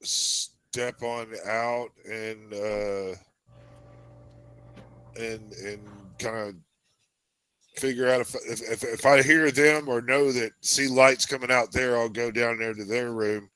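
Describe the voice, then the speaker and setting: A man's voice: mid-range voice, steady tone, slow, sharp tone, smooth. A man playing in a tabletop game, chatting casually and rambling through his plans. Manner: rambling, full of fillers. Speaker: player.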